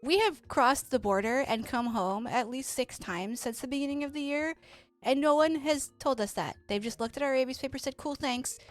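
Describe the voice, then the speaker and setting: A woman streamer telling a story in a profane, animated rant while she plays a game. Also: high-pitched, moderate pace, dry recording, soft background music. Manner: profane, animated ranting with quoted exchanges. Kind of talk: casual storytelling while gaming.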